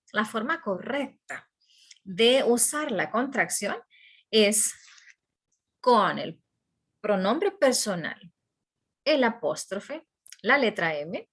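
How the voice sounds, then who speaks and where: A woman teaches a slow English lesson. She repeats each example sentence carefully for her learners, her bright voice rising and falling. Her pitch sits a little high. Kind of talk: slow English grammar lesson with Spanish explanations.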